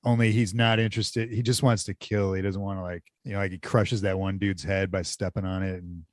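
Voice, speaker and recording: A low-voiced man joins in a casual movie chat, relaxed and chiming in with quick agreements and questions. The sound is dry and close to the mic. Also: no room sound. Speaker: podcast co-host.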